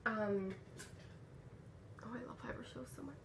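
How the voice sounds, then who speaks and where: Canadian woman, podcast host, chatty and rambling, slightly high, faint ambience. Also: normal speed, creaky, a bit bright, a little hiss or hum. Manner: chatty, rambling with fillers and restarts. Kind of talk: casual chat. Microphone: camera mic.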